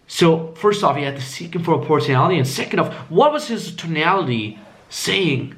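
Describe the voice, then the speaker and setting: Animated man coaching with lively pitch. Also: fairly quick. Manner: animated, acts out tones with swooping high squeaks, swears freely. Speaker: dating coach. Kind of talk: casual coaching talk.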